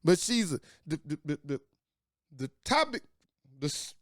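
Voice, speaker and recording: This late-forties talk show host speaks a little high and a little slow, yet very animated, as he delivers an angry, preachy, profane monologue. The studio-quality recording has no room sound.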